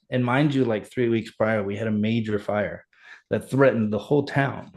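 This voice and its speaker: A middle-aged man, a fire chief, telling his story in an animated, earnest way as a podcast guest. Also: on the low side, normal speed. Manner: animated, earnest, reenacts dialogue. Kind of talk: conversational storytelling.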